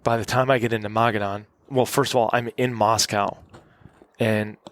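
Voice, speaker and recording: A man's voice: on the low side, level tone, normal speed, a bit bright. A middle-aged man, a podcast guest in a cabin, telling long rambling anecdotes in a casual interview and acting out the people he quotes.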